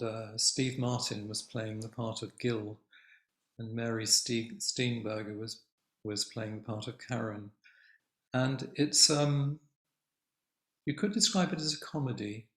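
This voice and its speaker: Older man, Zen teacher, unhurried dharma talk, soft and reflective, roomy echo. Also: medium pitch. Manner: slow, reflective, gentle, with long pauses. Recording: echoey room.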